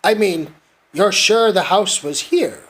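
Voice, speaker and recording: A man voicing an eager, kindly male teddy bear from a storybook, explaining in halting bits. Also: sits high, a bit bright.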